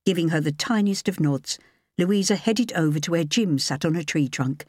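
A woman reading a novel aloud as an audiobook narrator, in measured storytelling. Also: on the low side, a little mellow, no room sound, studio quality. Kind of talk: scripted narration.

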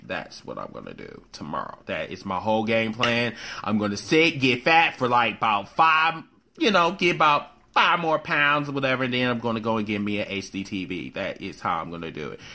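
Bright-sounding guy hosting a live stream, just chatting and cussing with viewers. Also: fairly low pitch, sing-song, a little fast. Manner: loose, chatty, swears casually, greets viewers by name. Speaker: live show host. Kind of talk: casual live-stream chat.

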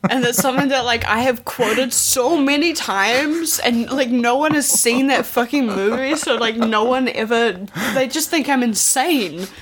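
A woman co-hosting a podcast in casual chat, animated and swearing freely. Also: on the high side, unhurried, few pauses. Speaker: podcast co-host.

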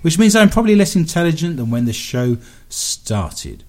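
A man's voice: a little high, big pitch swings, moderate pace. A man with an English accent hosting a radio talk show, rambling and joking at his own expense. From England. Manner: self-mocking, rambling, jokey. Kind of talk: casual radio banter. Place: home studio.

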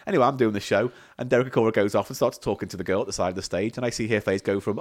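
A man's voice: on the low side, racing, few pauses. A man co-hosting a comedy podcast, swearing freely as he tells an anecdote with lots of laughter. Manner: sweary, storytelling, laughs often. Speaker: podcast co-host. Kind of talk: casual comedic chat.

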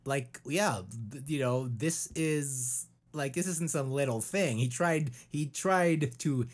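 A man's voice: mid-range voice, slow pace. A man co-hosting a podcast in casual chat, rambling and sarcastic. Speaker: podcast co-host.

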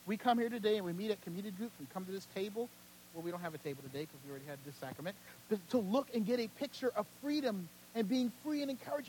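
High-voiced man preaching with fervor. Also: lively intonation, quick pace, husky, low-quality recording. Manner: impassioned preaching, swinging between loud urgent peaks and hushed low passages. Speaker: senior pastor. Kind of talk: sermon.

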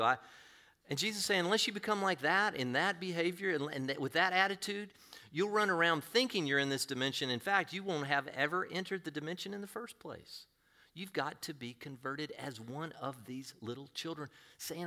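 A man's voice: on the high side, expressive, normal speed, pushed and bright. A man preaching a sermon as a pastor, earnest and conversational, often posing rhetorical questions to his listeners.

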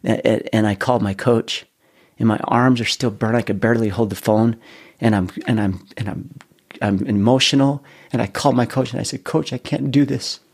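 A middle-aged man telling his story in a casual interview, animated, often restarting and repeating his words. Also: lowish voice, brisk, breathy edge. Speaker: guest.

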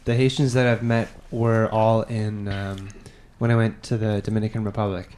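A man's voice: on the low side, level tone, normal speed, a little mellow, slight background noise. Laid-back male podcast co-host. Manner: laid-back storyteller, swears. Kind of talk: casual chat.

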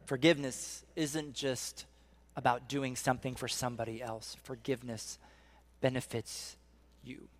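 A middle-aged man preaching a sermon as a pastor, telling stories with animation and dropping to a soft hush to drive points home. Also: medium pitch, a little slow, long pauses. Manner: animated storytelling, drops to a soft hush for emphasis.

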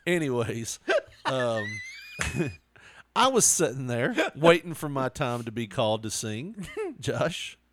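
A man's voice: mid-range voice, very animated, slow, pauses often, noisy background. Laughing man telling a story. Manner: laughing often, acting out quotes animatedly. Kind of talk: casual chat, storytelling.

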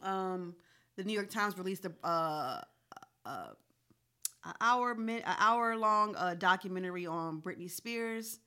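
Bright-voiced candid woman. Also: medium pitch, clear, resonant tone. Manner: candid, expressive, quick asides. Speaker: podcast co-host. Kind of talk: casual chat.

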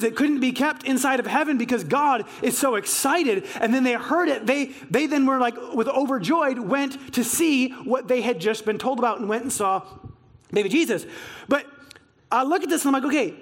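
A pastor with a strikingly high voice preaches to his congregation at normal speed. He tells stories with bubbling excitement and acts out the dialogue of the people in them.

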